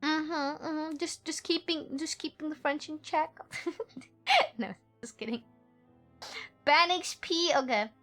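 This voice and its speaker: Playful woman streamer, high and bright, giggly, reads story text and teases chat. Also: slow pace, faint music behind. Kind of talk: game stream, reading story text and chatting.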